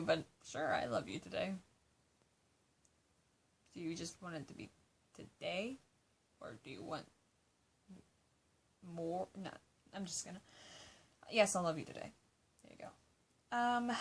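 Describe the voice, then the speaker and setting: An eighteen-year-old woman answering fan questions in a casual vlog. She chats loosely, laughs often, swears and fills her talk with "like". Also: on the low side. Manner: chatty, swears, laughs often, many "like" fillers.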